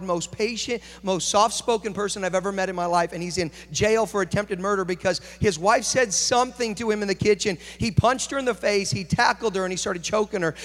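Male pastor, high-pitched, preaching at a conference with swings from quiet story to loud exhortation, big reverberant hall. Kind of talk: conference sermon.

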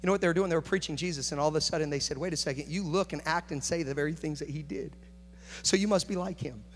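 A man preaching a sermon, moving between quiet, confiding talk and loud, rising passion. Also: fairly high pitch, fast talker. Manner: builds from hushed to shouting intensity. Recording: echoey hall with faint hum.

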